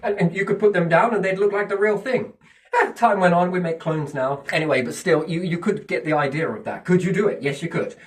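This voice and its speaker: A high-voiced man talks fairly quickly in an animated, profane monologue, rambling casually and speculating as he quizzes himself and supplies the answers. He is distant from the mic.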